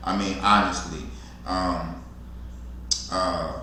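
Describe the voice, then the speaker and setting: A man co-teaching a security class in a relaxed, colloquial way. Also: low-pitched, takes it slowly. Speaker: security co-trainer. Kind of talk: casual instructional talk. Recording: very echoey room, faint noise.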